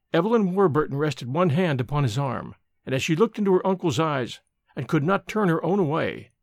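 A man narrating a gothic story in an expressive, measured storytelling manner. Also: fairly high pitch, gravelly, no room sound, clean studio sound.

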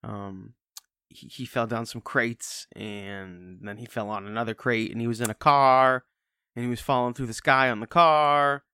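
A man's voice: mid-range voice, fairly even intonation, normal speed, pushed and bright, clean tone, no room sound. Jokey rambling man, dry mic. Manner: rambling, jokey, does silly voice impressions. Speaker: podcast co-host. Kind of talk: casual film review chat.

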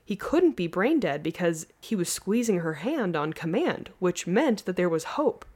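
Low-voiced woman recounting a story. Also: normal speed, breathy edge. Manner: earnest, lively, laughs easily. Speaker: podcast host. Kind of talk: casual storytelling narration.

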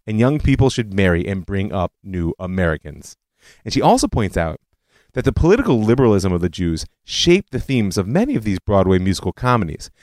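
A man's voice: medium pitch, darkish tone, no room sound. A man hosting a history podcast, telling it as a story with conversational asides. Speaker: podcast host. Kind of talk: scripted history narration.

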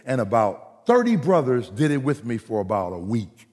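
A man preaching a sermon as pastor, animated and jokey, swinging between loud and soft. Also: medium pitch, moderate pace. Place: church hall. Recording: reverberant hall recording.

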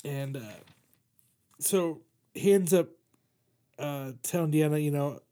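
Rambling, profane man with a higher voice. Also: slow pace, dark tone. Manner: rambling, profane, lots of fillers and restarts. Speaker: podcast host reviewing comics. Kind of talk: casual chat.

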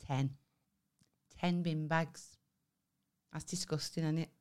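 A woman chats casually as a podcast co-host. Her voice sits a little low, and she tells her stories in a lively way with plenty of swearing. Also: takes it slowly, smooth. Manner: sweary, animated storytelling with laughs. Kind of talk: casual chat.

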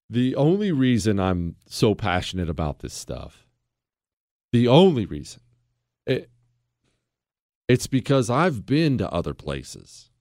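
A man's voice: on the low side, no echo. A man hosting a talk radio show in a sarcastic, self-mocking joking manner, speaking into a studio mic.

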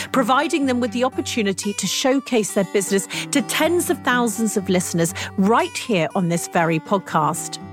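Upbeat woman podcast host. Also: on the high side. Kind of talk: read ad and interview questions.

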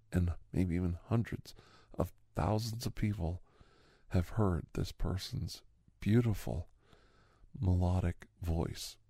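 A man in a whispered role-play, rambling in an earnest, sentimental way with soft whispered asides, close to the microphone. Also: low-pitched, creaky, breathy edge, no echo. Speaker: host playing a doctor character.

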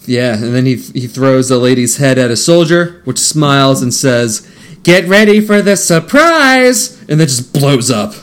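A man on a casual podcast walking through movie scenes. He slips in dry, deadpan quips and laughs along. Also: mid-range voice, moderate pace, few pauses. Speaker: podcast co-host. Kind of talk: recapping a movie.

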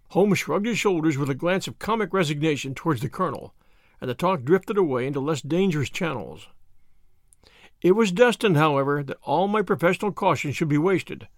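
A man reading a classic detective story aloud as an expressive, lively narrator. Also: a little high, no room sound, studio quality. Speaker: audiobook reader.

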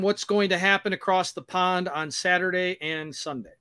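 A man's voice: high-pitched, moderate pace, sharp tone, clean tone, no room sound, studio quality. A man co-hosting a casual sports podcast, upbeat as he asks for predictions and signs off. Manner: upbeat, wraps up the show. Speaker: podcast co-host.

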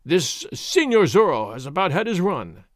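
A man's voice: fairly high pitch, sing-song, moderate pace, dry recording, clean studio sound. A man voicing an arrogant army captain who speaks in a formal, self-assured, boasting way. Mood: boastful.

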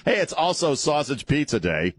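A man's voice: on the high side, very animated, normal speed, dry recording, clean studio sound. Blunt, joking male talk radio host. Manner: blunt, joking, laughs often. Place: radio studio. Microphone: studio mic.

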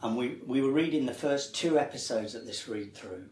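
Animated man telling stories, roomy sound. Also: medium pitch, normal speed. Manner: animated storyteller, acts out quoted voices, laughs often. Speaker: actor guest. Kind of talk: anecdotal interview chat.

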